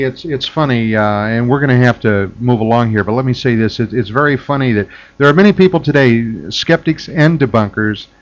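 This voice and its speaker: A man hosting a call-in radio talk show, speaking emphatically and taking callers. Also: medium pitch. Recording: dull lo-fi radio broadcast.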